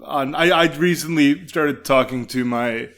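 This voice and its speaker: A man's voice: on the high side, unhurried, fairly bright tone. A young adult man hosting a casual interview, easygoing and often restarting his sentences. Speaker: podcast host.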